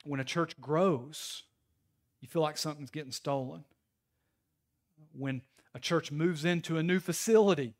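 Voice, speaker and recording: Man, pastor, conversational sermon, storytelling, sudden loud bursts, slightly high voice.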